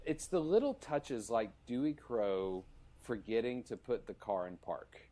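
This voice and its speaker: A man's voice: medium pitch, expressive, unhurried, dark tone. A man hosting a podcast, chatting casually and enthusiastically, rambling as he retells scenes. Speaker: podcast host. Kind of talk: casual conversation.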